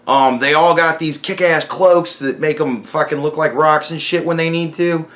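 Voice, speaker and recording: Speaking at a normal speed in a slightly high voice, this man swears his way through an animated, loose rant. He's hosting his own podcast, and the monologue is full of profanity.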